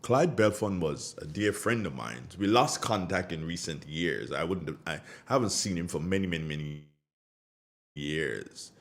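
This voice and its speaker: A man's voice: low voice, normal speed. A Grenadian man hosting a radio show, greeting listeners and telling stories in a casual, colloquial way. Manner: animated storyteller with Caribbean colloquial phrasing. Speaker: radio host. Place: radio studio.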